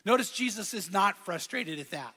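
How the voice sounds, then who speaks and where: Middle-aged pastor, high and bright tone, fervent repeating sermon delivery, long church reverb. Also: male voice, animated, normal speed, husky. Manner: fervent preaching with repetition and call-and-response.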